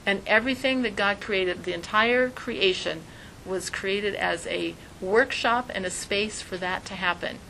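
A woman's voice: medium pitch, a little slow, vocal fry, a little hiss or hum, low-quality recording. A woman teaching a spiritual talk, telling stories animatedly and often saying "like". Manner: animated storytelling, frequent "like". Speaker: religious teacher.

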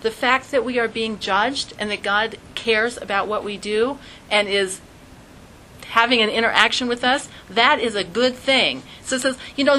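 Woman teacher, bright tone, lively acted-out examples, faint hiss behind. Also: a little high, normal speed, low-quality recording. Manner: animated, acts out little scenes in quoted voices. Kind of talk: Jewish studies class lesson.

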